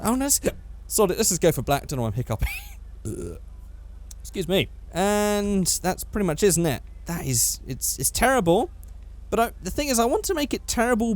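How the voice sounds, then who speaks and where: A man's voice: high-pitched, darkish tone. A young man giving rambling, casual gameplay commentary, swearing freely and correcting himself as he goes. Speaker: gaming YouTuber.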